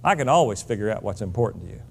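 A man's voice: on the low side, lively intonation, rapid-fire, creaky, slightly rough. A middle-aged man giving a motivational speech, blunt and emphatic, lecturing his listeners. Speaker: motivational speaker.

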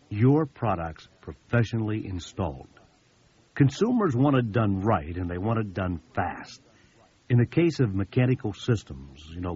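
A man's voice: fairly low pitch, darkish tone, breathy edge. A man giving a sales training talk to contractors, folksy and anecdotal, repeating words for emphasis. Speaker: business seminar speaker. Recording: dull lo-fi recording.

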